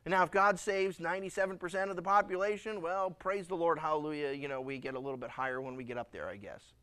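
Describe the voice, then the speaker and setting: A male pastor preaching a sermon, acting out scenes in lively, dramatic voices. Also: a little high, quick pace. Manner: animated, acts out dialogue.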